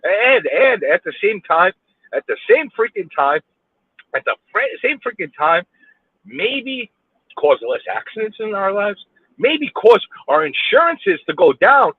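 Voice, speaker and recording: This angry road rant comes from a New York-accented man driving through city traffic, hurling repeated rhetorical questions and curses. He speaks at a measured pace in a high, slightly rough voice with big pitch swings; the tinny, phone-like audio has no room sound.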